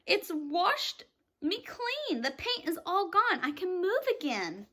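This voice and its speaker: A woman voicing an excitable male centipede in a read-aloud storybook, talking in eager exclamations. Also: very high voice, slow, voice pushed up, full character voice. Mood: excited.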